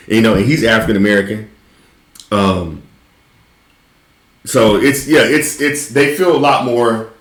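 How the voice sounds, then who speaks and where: A man's voice: fairly low pitch, reverberant. A man hosting a casual chat, loose and profane, laughing often. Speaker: host.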